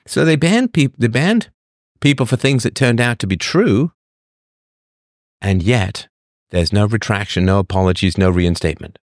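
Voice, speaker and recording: A man's voice: normal speed, no room sound, clean studio sound. A man hosting a live stream, talking through chat messages in an opinionated way and repeating his points as rhetorical questions. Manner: animated delivery with lively pitch swings. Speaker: livestream host.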